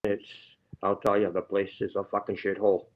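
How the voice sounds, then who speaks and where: A man's voice: lowish voice, completely flat delivery, a little fast. Male guest on a livestream, rambling and profane, dull audio. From Canada. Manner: rambling, heavily profane, aggrieved. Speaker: guest telling his story. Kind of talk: casual livestream chat.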